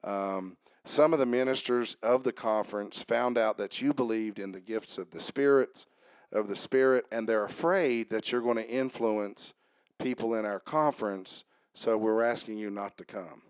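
A man preaching a sermon in church, reading scripture slowly and talking to the congregation in a folksy way, with frequent "um"s and calls of "amen?". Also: fairly low pitch, clear, resonant tone, no echo, studio quality. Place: church sanctuary.

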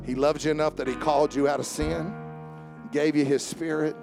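A man preaching a sermon. He jokes with the congregation and swings from soft asides to raised calls. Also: a little high, fairly even intonation, brisk, creaky, music in the background. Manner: joking with the congregation. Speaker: pastor. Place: church service with instrument behind.

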